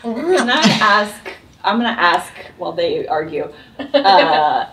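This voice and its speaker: A woman's voice: fairly low pitch, expressive, slow, a bit bright, reverberant, recorded from a distance, slight background noise. A woman playing a tabletop game, hesitant and giggly, often trailing off. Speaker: player. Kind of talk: casual tabletop game chat.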